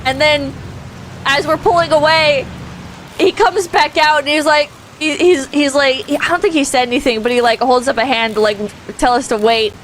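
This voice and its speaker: A woman with a bright, high-pitched voice tells a rambling story in a relaxed, chatty way. She laughs often and swears freely as she goes. A faint background hum sits under her voice. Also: moderate pace, poor audio. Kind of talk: casual storytelling on a stream.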